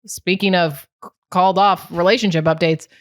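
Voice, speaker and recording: A woman's voice: lowish voice, normal speed, no room sound, clean studio sound. A young woman co-hosting a sports gossip podcast, chatting casually and laughing a lot. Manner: bubbly, animated, laughs a lot. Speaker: podcast co-host. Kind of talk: casual chat.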